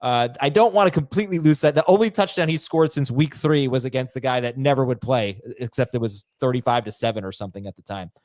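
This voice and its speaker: A man hosts a casual podcast panel, reading listener questions in a middle-pitched voice. He talks briskly and upbeat and pushes back when he disagrees. The sound is dry and close. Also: a little mellow, no echo. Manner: brisk, upbeat, argues his point.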